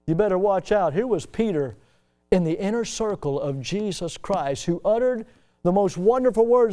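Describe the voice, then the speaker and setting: A man preaching a sermon with emotional, emphatic delivery that swings widely in pitch and loudness. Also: animated, normal speed, smooth, faint music behind.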